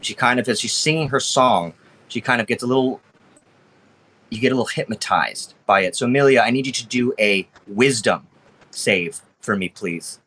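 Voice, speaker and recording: Bright-voiced man running a tabletop game. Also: medium pitch, normal speed. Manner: casual, rambling with restarts. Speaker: game master.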